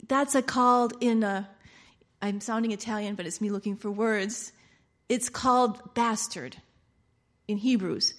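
Animated, laughing woman preaching a sermon. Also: a little high, measured pace, long pauses. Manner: animated, laughing often, acting out quotes.

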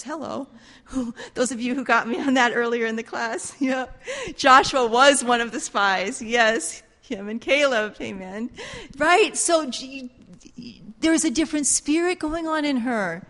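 Fervent woman Bible teacher, fairly high voice, long hall reverb. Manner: fervent, repetitive, animated. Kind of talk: sermon-style class teaching.

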